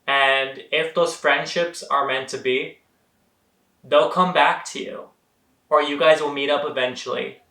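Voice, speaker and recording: A man's voice: on the high side, pushed and bright, echoey room. A young man giving an earnest, motivational vlog monologue, talking straight to his viewers and calling them guys. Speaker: vlogger.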